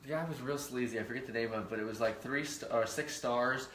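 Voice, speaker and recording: A middle-aged man reads quiz questions and jokes around, emphatic and a bit boastful. His voice is mid-pitched and bright. The room carries a noticeable echo over a faint hiss. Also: fast. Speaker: co-host reading quiz questions. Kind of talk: casual chat.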